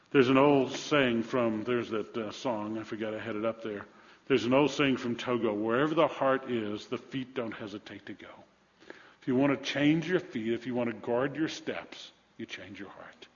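A man in his fifties preaching a sermon, shifting from hushed confession to emphatic scripture reading. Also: medium pitch, in a large hall, muffled recording. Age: 50s. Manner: earnest, swings from hushed to emphatic. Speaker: pastor.

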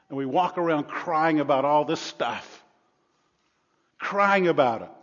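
A man pastor preaching a sermon, moving between quiet, hushed stretches and loud, emphatic passages with humor. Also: mid-range voice, breathy edge. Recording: long reverb, dull lo-fi sound.

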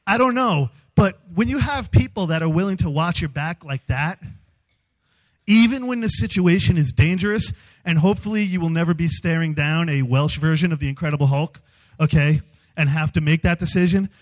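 A man speaking as a youth speaker, giving a humorous storytelling sermon in an animated, self-mocking way. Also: fairly high pitch, normal speed, low-quality recording.

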